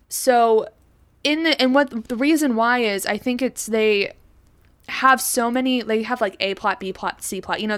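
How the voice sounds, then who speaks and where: Woman podcast co-host, casual chat, mid-pitched, loose and rambling delivery. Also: a bit bright, smooth. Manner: rambling, thinks aloud with many fillers.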